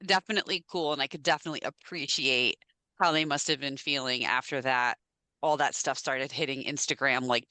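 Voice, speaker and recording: A woman with a low voice that still has a bright, forceful edge tells animated stories in casual podcast chat, swearing freely. The sound is dry and close. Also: fairly quick, no echo. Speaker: podcast co-host.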